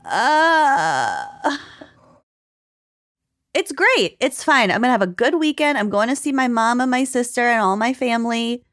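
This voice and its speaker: A woman's voice: on the high side, big pitch swings, a little slow, fairly bright tone. A woman in her thirties co-hosting a podcast, chatting casually and laughing often. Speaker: podcast co-host. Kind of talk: casual chat.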